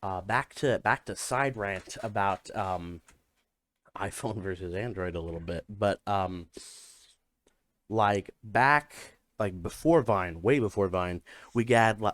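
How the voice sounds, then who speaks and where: A man's voice: fairly low pitch, slow pace, fairly bright tone, dry recording, studio quality. A young man co-hosting a podcast, talking in a rambling, casual way with many fillers and restarts. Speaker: podcast co-host. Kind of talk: casual chat.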